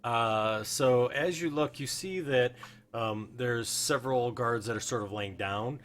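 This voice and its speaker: A man narrating as game master of a tabletop game, relaxed and full of fillers. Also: mid-range voice, a little hiss or hum. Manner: relaxed, filler-heavy narration with quick guard voices.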